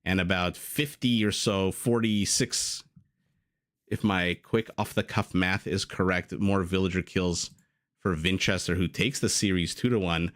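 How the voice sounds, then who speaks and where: A man's voice: low-pitched, steady tone, unhurried, fairly bright tone. A man casting a live strategy game match, chatty and prone to rambling tangents with frequent laughs. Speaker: game caster. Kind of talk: live esports commentary.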